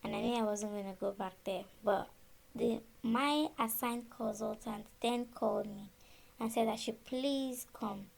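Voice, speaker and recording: A Nigerian woman, probably in her thirties, casually shares the story of giving birth, animatedly acting out the conversations with quoted dialogue. Her voice is a little high and gravelly, at a measured pace.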